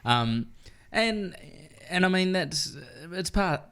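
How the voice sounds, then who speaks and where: This New Zealand comedian, a guest in a podcast studio, speaks slowly in a high, clear, resonant voice. Chatting casually, he swears freely and brings his stories to life by performing the people in them.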